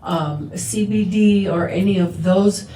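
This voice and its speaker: A woman in a conference audience asking a long question, slowly searching for her words. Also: medium pitch, mellow. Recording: echoey room from far off.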